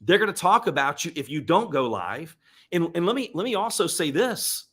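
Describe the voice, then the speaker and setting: A man's voice: a little high, big pitch swings, moderate pace, a bit bright, breathy edge. Earnest man giving a motivational live talk. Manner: emotional, preacher-like, earnest. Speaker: live stream host. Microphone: webcam or desk mic on live stream.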